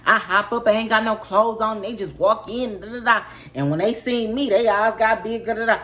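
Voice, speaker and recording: A woman voicing her annoyed young boyfriend as he recounts a surprise intrusion in quick, slangy talk. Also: a little high, a bit bright, close to an everyday voice. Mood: irritated.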